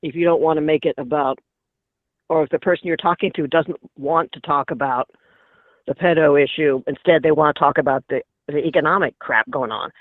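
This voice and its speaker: A man calling in to a political talk show, hesitant with many pauses and ums. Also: a little high, no echo. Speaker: caller. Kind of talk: phoned-in chat on a talk show. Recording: tinny phone line.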